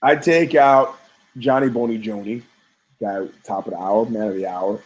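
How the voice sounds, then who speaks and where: A man's voice: fairly low pitch, normal speed, low-quality recording. Profane rambling man telling stories. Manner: profane, storytelling, many restarts and asides. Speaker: podcast host. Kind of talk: rambling casual commentary.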